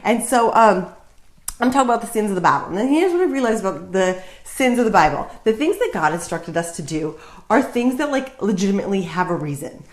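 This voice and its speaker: A woman vlogging casually to camera about her Bible reading, chatty and jokey, with plenty of fillers. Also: medium pitch. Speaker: vlogger sharing Bible reflections. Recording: roomy echo.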